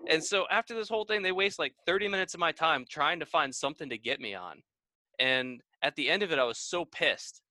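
A man with a bright voice talks in a casual chat, recorded dry and close. He tells his story in a relaxed way, saying "like" a lot. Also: fairly high pitch, fairly quick, no room sound. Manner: relaxed storyteller, says "like" often.

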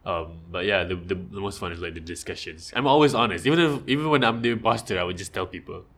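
A man's voice: low-pitched, quick pace. A man tells stories in a loose, chatty way. He laughs a lot as he talks and slips into the voices of the people he is quoting. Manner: laughs often, animated retelling with quoted voices. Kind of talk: casual storytelling chat.

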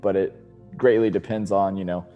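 A man's voice: deep voice, steady tone, normal speed, mellow, in a large hall, dull audio, soft background music. A man in a casual chat who mostly gives brief listening responses.

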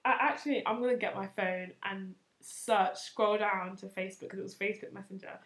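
A woman's voice: mid-range voice, a little fast, fairly bright tone. A woman in her twenties hosting a podcast, telling a story in a chatty, self-mocking way and laughing often. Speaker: podcast host. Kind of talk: casual storytelling.

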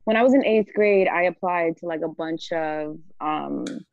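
A woman hosts a relaxed podcast, chatting with a close friend and reading poetry aloud. She laughs easily and wanders through her thoughts. The recording is dry and a little muffled. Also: fairly low pitch, measured pace, vocal fry, dry recording. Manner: laughs often, fillers and restarts. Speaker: podcast host. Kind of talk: casual chat and poetry reading.

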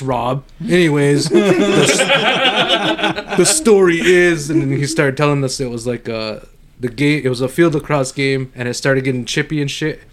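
A man co-hosting a casual podcast, telling a rowdy story with lots of swearing and laughter. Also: on the high side. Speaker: podcast co-host.

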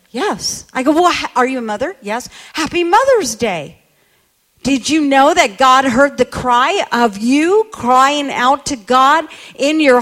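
A woman's voice: high voice, fairly bright tone. A woman preacher telling a story in a sermon, emphatic and quoting people as she goes.

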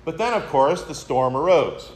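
A man's voice: fairly high pitch, expressive, normal speed. A man preaching a sermon, retelling a story in a reflective way and addressing his listeners as friends. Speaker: pastor.

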